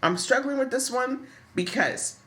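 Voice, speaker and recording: A woman co-hosting a podcast in casual chat, thoughtful and expressive as she weighs both sides. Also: high-pitched, a little slow. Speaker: podcast co-host.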